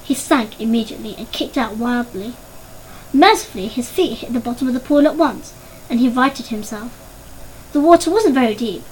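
A woman reads a story aloud with a high, clear voice. She narrates steadily and lifts her pitch for the characters' lines. A faint hum of room ambience sits behind her. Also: lively intonation, normal speed, darkish tone, rough recording. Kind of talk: audiobook narration.

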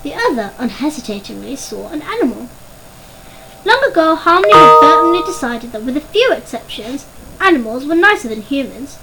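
A woman reading a children's storybook aloud in an expressive, measured way. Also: high voice, vocal fry, over music, low-quality recording. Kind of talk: storybook narration.

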